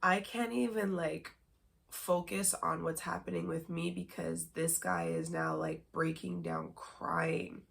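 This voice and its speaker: A woman's voice: on the low side, lively intonation, slow, gravelly, fairly bright tone. A woman hosting a podcast, telling a personal story candidly in a rambling way with many filler words and nervous laughs. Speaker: podcast host.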